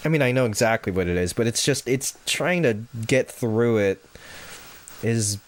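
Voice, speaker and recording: A man's voice: mid-range voice, expressive, moderate pace. A man streaming a puzzle game, chatting casually and rambling through self-corrections with the odd swear. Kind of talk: casual gameplay commentary.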